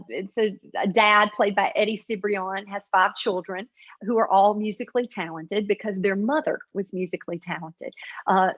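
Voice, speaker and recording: A woman with a flat, nasal upstate South Carolina Appalachian accent, chatting in an interview with lots of fillers and restarts. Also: medium pitch, dull audio. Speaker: author and comedy creator. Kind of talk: interview answers.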